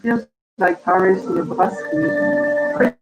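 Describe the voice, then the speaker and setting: A woman's voice: mid-range voice, lively intonation, slow pace, over music, low-quality recording. A woman co-hosting a casual live-stream chat, jumping in with short, jokey remarks. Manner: chatty, jokey interjections. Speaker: co-host.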